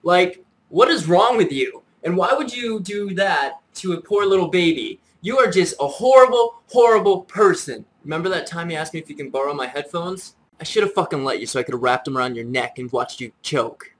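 Male YouTuber delivering a mock-furious, profane rant to camera in a slightly high voice. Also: fairly quick, few pauses, a bit bright, low-quality recording. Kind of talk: comedic insult rant to camera.

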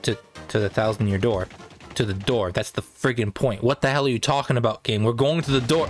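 A man casually commenting on his own gameplay, joking and excitable, correcting himself as he goes. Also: medium pitch, a little fast, soft background music. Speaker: let's play gamer.

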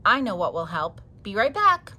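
A woman's voice: mid-range voice, big pitch swings, moderate pace, sharp tone. A woman voicing a dramatic, fussy female sheep in a read-aloud storybook, with a bouncy, exclaiming delivery.

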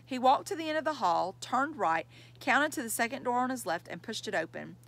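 A woman narrating a children's chapter book in a measured, clear storytelling manner. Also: fairly high pitch, animated, a bit bright. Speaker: audiobook reader.

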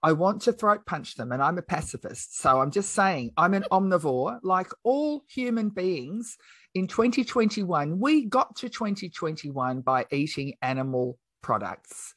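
A woman's voice: fairly low pitch, a little slow, no echo. A middle-aged woman, a podcast guest, telling a story in casual chat, frank and outspoken, acting out the lines of the people she quotes. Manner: animated, acts out quoted dialogue.

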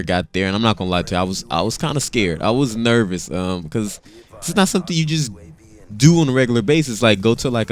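With a fairly low, smooth voice, a man in his thirties tells a personal story casually. He sounds animated and slangy, repeating words often.

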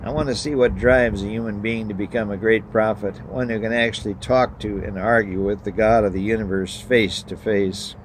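A man's voice: lowish voice, steady tone, normal speed, few pauses, a little hiss or hum. A male pastor giving a sermon and reading a story, earnest and emphatic.

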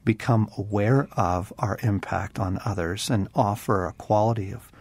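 Husky-voiced man co-hosting a Christian talk show. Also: lowish voice, normal speed, a little mellow. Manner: earnest, reflective, addresses listeners as friends. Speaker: co-host.

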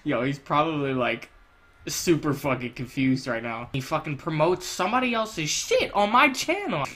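Crude, excitable young gaming host. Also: male voice, fairly high pitch, normal speed. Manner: crude, jokey, with loud outbursts and laughter. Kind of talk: profane gaming commentary.

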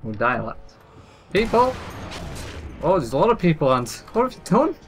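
A man commentating a co-op shooting game with a friend, jokey and excitable. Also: fairly high pitch, normal speed, soft background music. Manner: jokey, excitable, breaks into laughs. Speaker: gamer, co-host. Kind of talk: casual co-op gameplay commentary.

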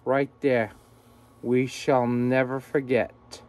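A man's voice: mid-range voice, little pitch movement, slow, a little mellow. A man ranting angrily to the camera in a vlog from a room at home, swearing constantly and repeating himself. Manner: agitated, swearing constantly, repetitive. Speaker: vlogger. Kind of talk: angry profane rant to camera.

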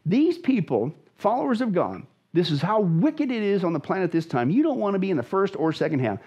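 A man's voice: high-pitched, very animated, fairly quick, a little mellow, slightly rough, highs cut off. A man, a pastor, teaching emphatically and dramatically about scripture as a guest in a conversation, repeating phrases for stress. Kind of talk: animated Bible teaching in conversation.

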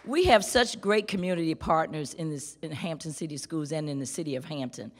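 A woman from a school board giving a measured, emphatic formal speech at a ceremony. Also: deep voice, a little hiss or hum. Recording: reverberant hall.

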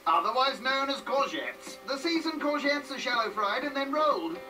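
A man narrates with a very high voice and a dry, teasing wit. The scripted lines land as quips. He sounds a bit distant, with music playing underneath. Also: animated, normal speed. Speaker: show narrator. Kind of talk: wry scripted voice-over narration.

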